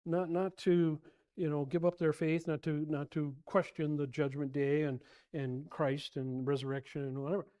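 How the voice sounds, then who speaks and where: A man teaching an informal Bible class in a church, rambling and animated, often repeating himself and sounding exasperated. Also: on the high side, normal speed, clean tone.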